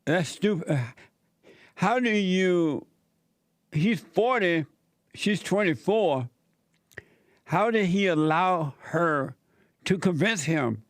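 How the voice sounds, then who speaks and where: A man's voice: high voice, animated, slow pace, long pauses, no room sound, studio quality. A man filling in as host of a call-in talk show, reading a news story and giving blunt, opinionated commentary in plainspoken, casual grammar.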